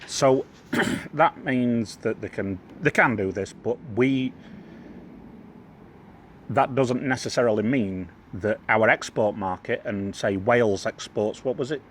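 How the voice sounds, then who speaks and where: A man's voice: medium pitch, slow pace. A man from the UK co-hosting a casual political podcast. He chips in often, asks questions and laughs easily. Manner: animated, interjecting, laughs easily. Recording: faint background noise, outdoors with wind.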